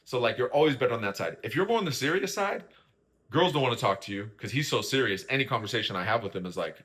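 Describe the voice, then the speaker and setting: A man's voice: medium pitch, expressive, fast, a bit bright. A young man hosting a casual reality-show recap, chatty, often asking "right?" and acting out what people said. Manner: chatty, keeps asking "right?" and "you know what I mean?", acts out quoted lines. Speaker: host.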